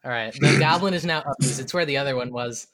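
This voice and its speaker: Bright-voiced, halting game master. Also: mid-range voice. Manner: halting, amused, lots of fillers. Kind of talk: narrating a tabletop game.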